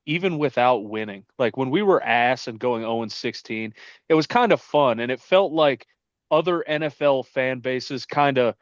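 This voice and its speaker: A man co-hosting a casual sports chat, talking in an animated, profane, mocking way. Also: mid-range voice, normal speed, dry recording, dull audio. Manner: animated, profane, mocking, rants with quoted jeers. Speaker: podcast co-host.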